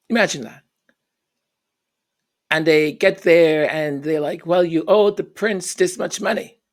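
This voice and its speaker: A woman giving an opinionated commentary rant, scornful and emphatic, repeating and tripping over her words. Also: deep voice. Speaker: royal commentary vlogger.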